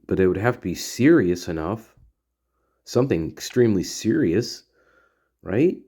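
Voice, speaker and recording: A man's voice: lowish voice, very animated, a little slow, mellow, breathy edge. A man hosting a casual monologue, rambling and repeating himself as he thinks aloud and talks straight to his listeners. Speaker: podcast host.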